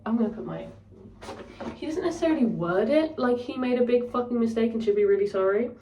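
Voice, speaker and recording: A woman's voice: on the high side, fast talker, warm tone, far from the mic, highs cut off, slight background noise. A young woman casually telling a story, candid and sweary, ranting. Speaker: vlogger. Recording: roomy echo, voice set back from the mic.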